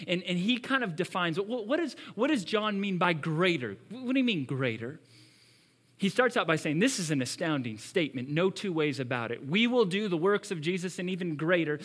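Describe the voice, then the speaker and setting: A man preaching a sermon as pastor, swinging between loud emphasis and hushed asides. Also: high voice, animated, normal speed.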